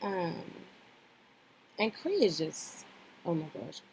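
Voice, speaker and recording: In a fairly low, sing-song, slightly mellow voice, a woman delivers slow, casual reality show recaps on her vlog, with a little hiss or hum in the background. She's blunt and opinionated, swearing freely, speaking directly to the people she discusses and repeating herself for emphasis.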